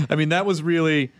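A middle-aged man hosting a podcast, chatting in quick, casual banter with an easygoing swear here and there. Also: a little high, no echo. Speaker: podcast host. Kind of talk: casual interview chat.

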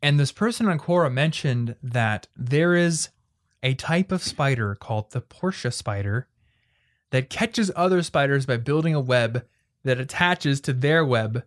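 A man's voice: mid-range voice, lively intonation, unhurried. A young man from Iowa hosts a casual podcast chat with a friend. He rambles through a story with an easy mid-range voice and restarts his sentences as he goes. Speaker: podcast host.

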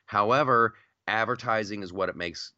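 A man's voice: on the low side, moderate pace, sharp tone, dry recording. A man co-hosting a podcast, talking emphatically about the news and repeating words as he starts his thoughts. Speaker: podcast co-host. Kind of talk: casual political chat. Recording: slightly dull lo-fi sound.

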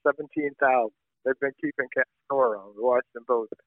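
A man's voice: mid-range voice, a little fast, no echo. Man on a tinny phone line. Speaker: journalist guest. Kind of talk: conversational interview.

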